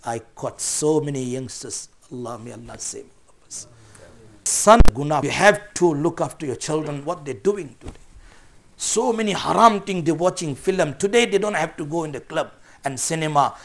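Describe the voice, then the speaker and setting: High-pitched impassioned male preacher. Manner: impassioned, animated storyteller, later calm and earnest. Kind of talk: sermon with storytelling.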